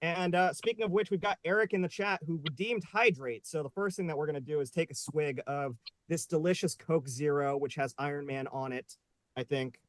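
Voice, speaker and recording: A man's voice: fairly high pitch, fairly quick, no echo. A man hosting a live online panel show, upbeat and joking, with many fillers. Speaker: host. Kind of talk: casual live panel chat.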